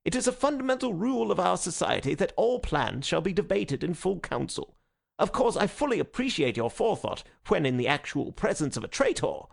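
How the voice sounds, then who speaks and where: A man doing a shrill, fussy conspirator secretary. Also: very animated, fairly quick, gravelly, heavily acted. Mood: protesting. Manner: sharp, indignant. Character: fussy, conscientious anarchist secretary man, sharp and protesting.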